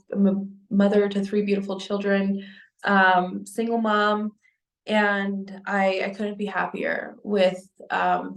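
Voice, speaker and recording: A young adult woman telling a personal spiritual story to camera in an earnest, halting way, with frequent restarts and fillers. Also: medium pitch, vocal fry. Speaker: spiritual vlogger. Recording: echoey room.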